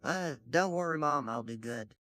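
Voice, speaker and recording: A man's voice: fairly high pitch, animated, normal speed, sharp tone, dry recording. A synthetic man's voice playing a nervous, jittery middle-aged chain-smoking neighbor in a parody cartoon. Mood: plain.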